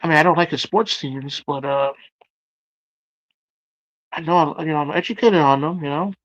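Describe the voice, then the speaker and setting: A man hosting a livestream, chatting casually as he reads out viewer comments and reacts to them with loud exclamations. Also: fairly high pitch, normal speed, no room sound, lo-fi sound. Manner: exclamatory, reacting aloud to chat. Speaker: livestream host.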